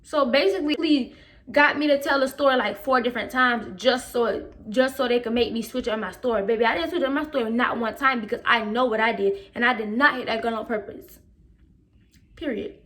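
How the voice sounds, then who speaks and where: Animated slangy woman telling a story. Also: a little high, fairly quick. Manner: animated, replays her own past remarks in quotes; slangy and emphatic. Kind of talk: casual storytime.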